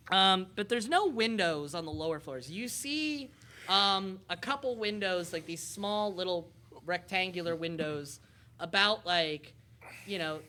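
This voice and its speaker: Woman gm, slightly low pitch, bright tone, narrates with lots of ums. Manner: rambling, lots of ums and uhs. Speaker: game master. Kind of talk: narrating a tabletop game.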